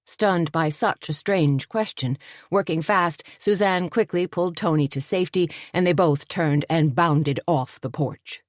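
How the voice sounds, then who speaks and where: A woman narrating an audiobook in a steady, measured storytelling voice. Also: low-pitched, no room sound, clean studio sound.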